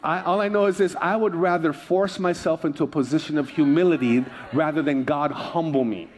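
A male pastor from Hawaii preaching with a fairly high voice. He tells funny stories, repeats his key phrases and asks the congregation to answer him. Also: fairly quick, a little hiss or hum. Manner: humorous storytelling with repeated phrases. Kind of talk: sermon.

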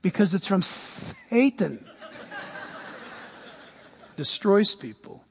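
A man's voice: high-pitched, animated, extremely slow, vocal fry, a little hiss or hum. A man preaching on a talk show, fervent and emphatic, repeating key lines.

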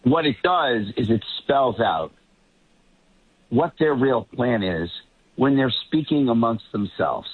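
A man's voice: medium pitch, expressive, slow, slightly rough. A man commenting as a guest on a political talk show, rambling and often restarting his sentences. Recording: tinny phone line.

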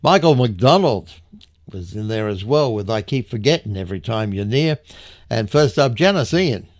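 A man's voice: fairly low pitch, expressive, moderate pace, no room sound, studio quality. An Australian man presenting a local radio show and reading a community announcement in a friendly, chatty way. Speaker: radio host. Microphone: studio microphone.

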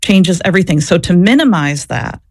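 A former social worker, a woman, answers interview questions and tells her story earnestly and reflectively, searching for words at times. Her voice is fairly low, expressive, and a little mellow at a moderate pace, in a dry, studio-quality recording.

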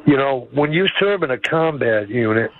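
A man's voice: medium pitch, expressive, moderate pace. A man in his seventies calling in to a radio show, blunt and folksy. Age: 70s. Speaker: caller. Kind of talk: call-in radio chat. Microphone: phone call. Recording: dull phone line.

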